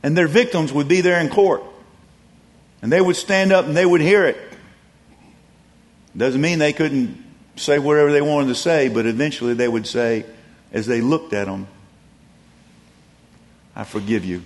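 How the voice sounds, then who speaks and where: A man preaching a sermon, telling stories and swinging from emphatic peaks down to soft, low passages. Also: normal speed, pauses often, in a large hall. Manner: storytelling, rising to emphatic peaks then dropping soft and low. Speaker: pastor.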